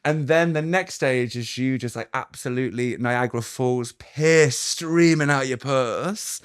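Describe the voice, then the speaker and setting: A man's voice: medium pitch, unhurried, clear, resonant tone. A man, a comedian, in a playful, theatrical casual chat. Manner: playful, theatrical, bursts into mock-grand recitation. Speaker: comedian guest.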